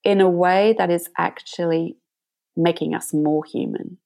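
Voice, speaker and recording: A woman meditation teacher, a guest in an interview, telling a story in a gentle and reflective way. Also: lowish voice, fairly even intonation, a little slow, vocal fry.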